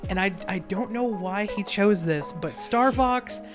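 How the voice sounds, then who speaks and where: A man co-hosting a casual gaming podcast, excitable and quick to act out quotes in silly voices. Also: high voice, over music. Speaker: podcast co-host. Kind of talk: casual chat.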